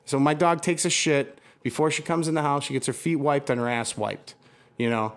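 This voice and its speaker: A man's voice: on the high side, fairly even intonation, a little fast. A man in casual conversation, telling an angry story full of swearing, restarts and filler words. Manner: heated, profane storytelling with many restarts.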